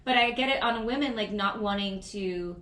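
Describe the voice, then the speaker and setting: A woman co-hosting a podcast, chatty and giggly, who often trails off mid-thought. Her voice sits at a middling pitch. The room around her has a noticeable echo. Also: moderate pace, a bit bright, far from the mic. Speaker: podcast co-host. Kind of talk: casual chat. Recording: roomy echo.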